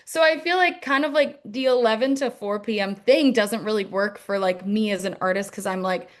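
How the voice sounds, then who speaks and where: A woman's voice: medium pitch, normal speed. A young adult woman musician in a casual interview, talking in a rambling way with many fillers. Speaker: musician guest.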